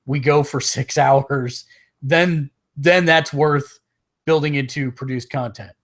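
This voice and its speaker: A man's voice: medium pitch, fairly even intonation, takes it slowly, a bit bright. Man chatting casually on a gaming podcast. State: has the hiccups. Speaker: podcast co-host. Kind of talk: casual chat.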